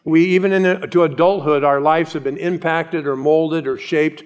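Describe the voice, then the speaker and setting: Earnest older pastor preaching, smooth voice. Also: male voice, fairly high pitch, steady tone. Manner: earnest, emphatic, slows down to read scripture. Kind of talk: expository sermon.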